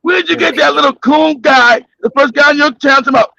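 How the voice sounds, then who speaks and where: High-pitched gravelly man, laughing banter. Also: fairly quick, no echo. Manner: loud, laughing, animated storytelling. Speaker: podcast host. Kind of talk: casual comedic banter. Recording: dull dry lo-fi audio.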